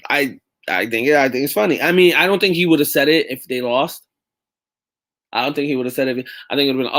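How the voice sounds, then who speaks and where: Talking fast in a mid-range, somewhat bright voice, this podcast host runs a laid-back sports show. He rambles loosely, restarts often and swears without restraint.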